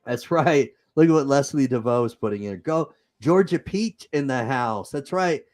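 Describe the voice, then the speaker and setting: A man's voice: mid-range voice, animated, moderate pace, a little mellow. Guy w/ utah accent hosting a live stream, rambly, improvising, reading comments. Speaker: host. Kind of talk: casual livestream chat.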